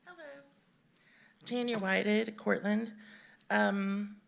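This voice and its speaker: Halting, emotional woman from Missouri. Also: medium pitch, fairly even intonation, vocal fry. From Missouri, USA. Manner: halting, many ums, emotional. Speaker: resident speaking in public comment. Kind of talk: unprepared public comment. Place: city council chamber.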